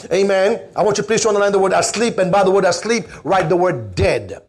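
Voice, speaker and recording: A man's voice: high-pitched, a little fast. A man preaching a fervent sermon, leading the congregation in call-and-response. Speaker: pastor.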